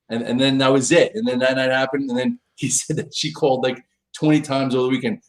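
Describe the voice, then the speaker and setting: A man's voice: mid-range voice, steady tone, fast. A middle-aged man, a pro trader, casually telling a story on a live stream, acting out quoted dialogue with big jumps in his voice.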